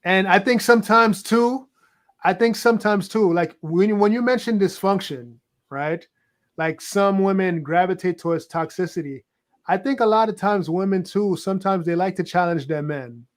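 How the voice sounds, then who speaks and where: Male co-host with a high voice, casual and hesitant, lots of filler words. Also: normal speed. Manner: hesitant, stacks fillers like "right?" and "like". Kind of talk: casual opinionated discussion.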